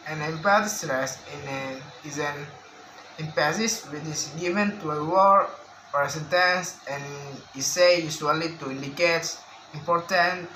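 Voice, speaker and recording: Slow, bright-voiced man reading a lesson. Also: on the high side. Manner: slow, careful reading of word lists with restarts. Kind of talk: reading a phonetics lesson aloud. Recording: echoey room with faint background hiss.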